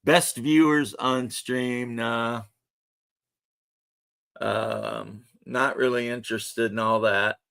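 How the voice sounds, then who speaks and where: A man's voice: medium pitch, fairly even intonation, slow pace, gravelly, long pauses, fairly bright tone. A man in his thirties hosting a livestream, chatting loosely and joking with viewers. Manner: loose, rambling, joking banter. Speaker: livestream host. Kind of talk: casual chat to stream viewers.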